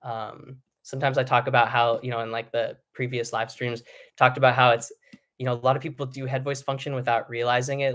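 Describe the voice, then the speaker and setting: A man coaching singers on a live stream, talking in a mid-range voice. His explanations wander a little, full of ums, restarts and asides. The delivery is casual and unscripted. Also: medium pitch. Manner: loose explanatory talk with many ums and restarts. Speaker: vocal coach. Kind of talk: live-streamed singing lesson.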